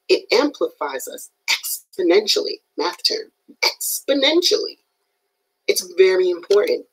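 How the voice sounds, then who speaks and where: A woman giving an animated, emphatic motivational talk on a live stream, often checking in with her viewers. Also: low voice, slightly rough, rough recording. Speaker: motivational speaker.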